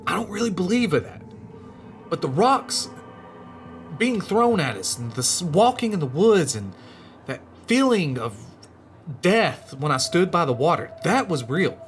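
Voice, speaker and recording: Animated high-voiced man telling a story. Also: measured pace, long pauses, faint music behind. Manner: animated, rambling, voice rises and drops with suspense. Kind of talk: casual spoken true story.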